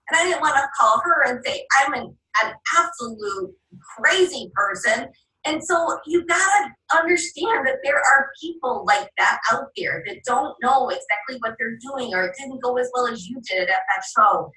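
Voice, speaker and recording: A bright, forceful woman coaching a group on selling, her delivery animated as she acts out little quoted exchanges. She sounds a little off-mic in a roomy, echoing space. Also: high-pitched, moderate pace. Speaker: direct sales trainer. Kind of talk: training seminar talk. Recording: echoey room, voice a bit far from the mic.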